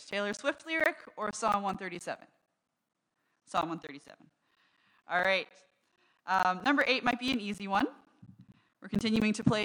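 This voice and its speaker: Woman pastor, casual teaching sermon, bright clear tone, middle pitch, slows down to read quotes. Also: rough recording. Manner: conversational, reads quotes aloud slowly and brightly. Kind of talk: casual sermon with a quiz game. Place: church service.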